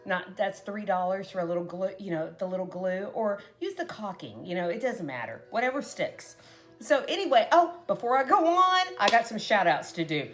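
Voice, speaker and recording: A middle-aged woman from Texas with a Texan accent, chatting casually to viewers as a craft and cooking vlogger with animated storytelling. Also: medium pitch, moderate pace, soft background music.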